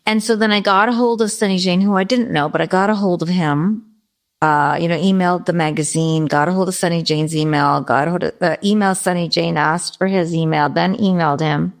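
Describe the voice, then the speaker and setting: A middle-aged woman tells a winding story in a podcast interview, stopping to restart and fix her wording. Her voice sits on the lower side for a woman. It comes across as unhurried and conversational. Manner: rambling, self-correcting storyteller. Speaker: guest vocalist.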